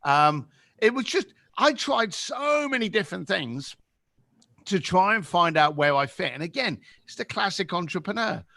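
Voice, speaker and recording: A London-accented man in his fifties tells a story with great animation and slips into other people's voices. His voice is bright and swings widely in pitch. It is recorded dry and close. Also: moderate pace, gravelly, no echo. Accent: London English. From England. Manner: lively, acts out voices in anecdotes. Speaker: podcast guest.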